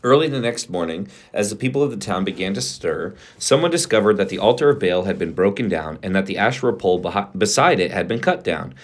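A man co-hosting a podcast, reading scripture aloud at a steady, plain pace. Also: fairly low pitch, fast, hardly any pauses.

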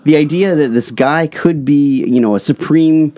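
A man's voice: fairly high pitch, moderate pace, warm tone, no echo. A man co-hosting a casual podcast chat who tells stories animatedly and laughs often. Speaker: podcast co-host.

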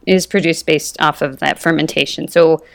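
A woman's voice: low voice, steady tone, normal speed, gravelly. A woman guest on a podcast, explaining things confidently in casual conversation. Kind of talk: casual interview chat.

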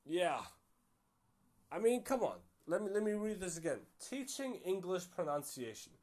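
A man's voice: sits high, lively intonation, normal speed, a little mellow. Casual, chatty man thinking aloud. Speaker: podcast host. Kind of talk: casual solo podcast commentary.

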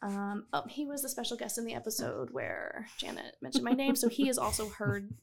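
A woman co-hosting a podcast in casual chat with friends, animated and quick to laugh. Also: a little high, creaky, a loud crowd. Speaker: podcast co-host.

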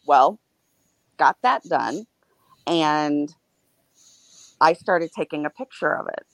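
Speaking slowly in a low voice and pausing often, a female podcast co-host shares a personal experience. She's candid and animated, breaking into occasional laughter amid grim details, and the recording has no echo.

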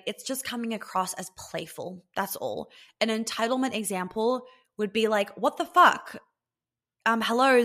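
A woman's voice: medium pitch, fairly bright tone. A woman hosting a podcast, giving casual dating advice in a candid, coaching way, swearing freely and acting out little scenes.

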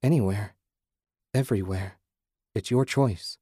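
Man voicing a calm genderless spirit, low soft soothing tone, dry close sound. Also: slightly rough, no echo. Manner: soothing, gentle, unhurried.

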